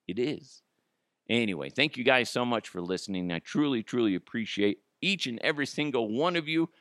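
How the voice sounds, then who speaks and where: A man's voice: lowish voice, fairly bright tone, no echo, studio quality. A man hosting his solo podcast, ranting profanely and laughing at his own jokes. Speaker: podcast host.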